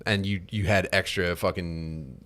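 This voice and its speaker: A man's voice: low-pitched, steady tone, unhurried, a bit bright. A man in casual podcast chat, tossing in crude joking asides.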